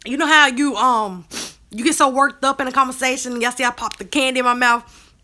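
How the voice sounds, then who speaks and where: A woman, talking to her viewers in a casual live stream, animated and drawling. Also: high voice, a little fast. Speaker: co-host of a live video chat. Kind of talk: casual live-stream chat reading comments.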